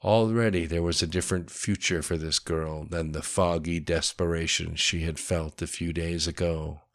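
A man reading a novel aloud as narrator, with a steady storytelling delivery and voicing each character. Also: low voice, moderate pace. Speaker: audiobook narrator. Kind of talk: scripted narration.

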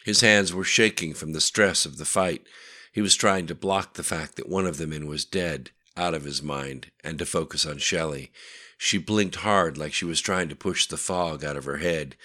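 A man reading a story aloud in a steady, plain narrating voice. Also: extremely low pitch, moderate pace. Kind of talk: audiobook narration.

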